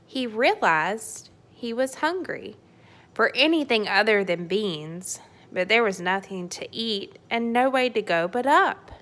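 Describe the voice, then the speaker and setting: Lady reading a kids storybook out loud, slow and playful, bright voice. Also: mid-range voice. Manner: expressive, playful narration. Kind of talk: children's storybook read-aloud.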